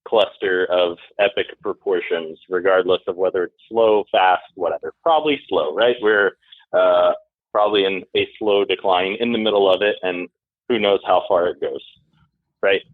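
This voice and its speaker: Texas guy calling in, tinny phone sound, lowish voice, casual. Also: normal speed, dry recording. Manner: casual, rhetorical questions. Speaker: caller.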